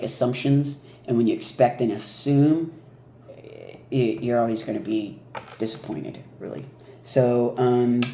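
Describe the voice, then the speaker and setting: Male card reader, casual and animated, warm tone, faint hiss behind. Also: mid-range voice. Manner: animated, laughing, mimics reactions. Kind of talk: casual spiritual card reading. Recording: echoey room with faint noise.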